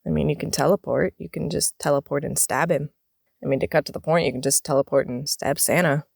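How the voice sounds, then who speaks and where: A woman reviewing old holiday films in a comedic voice-over, animated and dramatic, breaking into shrieking outbursts. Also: low-pitched, a little fast, gravelly, slightly rough, no room sound, studio quality.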